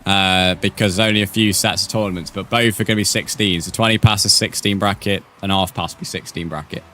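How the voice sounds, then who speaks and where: A man's voice: sits low, steady tone, a little fast, pushed and bright, a little hiss or hum. A young man streaming a game live, chatting casually with viewers and swearing freely. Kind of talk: live gaming commentary, reading chat.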